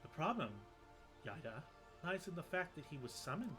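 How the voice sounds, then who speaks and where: A man's voice: a little high, big pitch swings, moderate pace, music in the background, pitched above the performer's own voice, rough recording. A man doing a stately old woman leader. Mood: explaining. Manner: archaic formal phrasing. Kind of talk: reading game cutscene dialogue aloud in voices.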